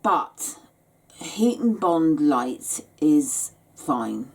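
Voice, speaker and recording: A woman's voice: sits low, big pitch swings, drawn-out words, gravelly. A tired woman giving a chatty, rambling sewing tutorial, yawning and hesitating as she explains her steps. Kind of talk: casual step-by-step craft tutorial.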